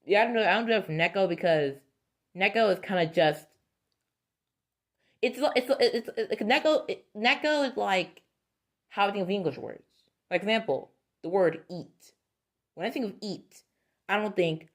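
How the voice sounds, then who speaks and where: A woman's voice: medium pitch, animated, normal speed, long pauses. A woman vlogger talking casually to her viewers, rambling and correcting herself, laughing often. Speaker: video creator. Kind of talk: casual talk to camera.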